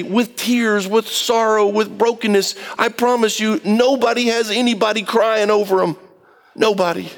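A man preaching a sermon in an impassioned, pleading way, swinging between high and low.

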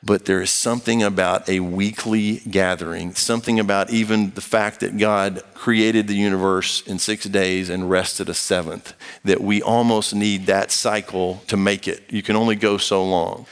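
A man's voice: lowish voice, level tone, moderate pace, hardly any pauses, smooth, in a large hall. A man preaching a sermon and reading scripture aloud, talking to the congregation in an emphatic, conversational way with playful acted-out asides. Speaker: pastor.

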